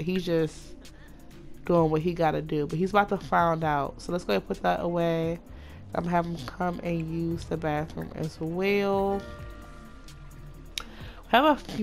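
A woman giving casual, chatty commentary as she plays a life-simulation game, talking excitedly to her viewers. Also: on the low side, gravelly. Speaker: let's play host.

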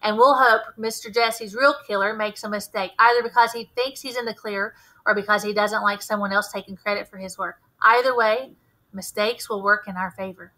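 A woman voicing a steady small-town male detective who talks in a firm, reasoning, reassuring way, as part of a storybook read-aloud. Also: medium pitch, normal speed, lightly acted, rough recording. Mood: persuasive.

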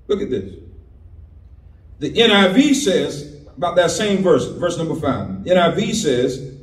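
A man preaches in a church sanctuary, his high voice leaping up into shouts and falling back to near-whispered asides. He takes his time over each phrase. The sound is roomy and distant, picked up by a mic set well away from him. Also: animated, takes it slowly, long pauses. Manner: preaching with rising shouts and dropping to quiet asides. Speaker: pastor. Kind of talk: sermon at an evening Bible study.

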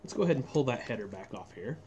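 Lively, chatty man reviewing a toy. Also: medium pitch, fast, dull audio, a little hiss or hum. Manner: chatty, enthusiastic, rambling with self-corrections. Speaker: scale model reviewer, channel host. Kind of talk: casual hands-on toy review.

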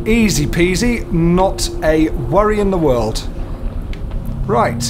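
A man's voice: high-pitched, big pitch swings, takes it slowly, background noise. Man narrating a horror game. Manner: mutters to himself, swears freely. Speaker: gaming YouTuber. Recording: game music playing under the voice.

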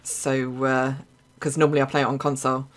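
A young woman with an Essex accent, chatting casually through live gameplay commentary with quick exclamations and frequent laughs. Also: rumbling low, little pitch movement. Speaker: streamer.

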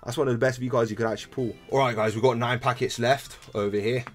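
A young man, chatting casually to viewers while opening trading cards, excitable and full of slang. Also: medium pitch, fast talker, soft background music. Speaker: card-opening video host. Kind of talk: casual card-opening commentary. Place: room at home. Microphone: laptop camera.

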